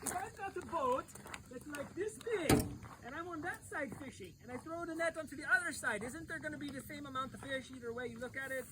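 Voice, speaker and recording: A woman youth pastor acting out a Bible story in the first person, animated and playful, talking straight to her audience. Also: sits high, brisk, very noisy.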